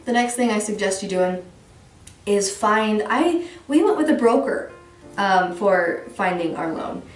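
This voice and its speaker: A woman's voice: mid-range voice, lively intonation, measured pace. A young woman giving advice in a chatty, rambling, self-deprecating vlog. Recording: roomy room, distant mic, faint music.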